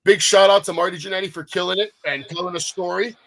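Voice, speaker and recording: A man's voice: high voice, fairly even intonation, fast, fairly bright tone. A man hosting a casual chat show, talkative and eager, running through plugs and upcoming events. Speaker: host.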